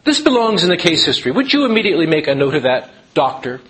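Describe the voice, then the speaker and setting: A pompous old asylum professor, as a man puts him on declaims his verdicts loudly. The voice is pushed up high and swoops broadly. It sounds like a lecturer mimicking a stuffy academic. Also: big pitch swings, fast.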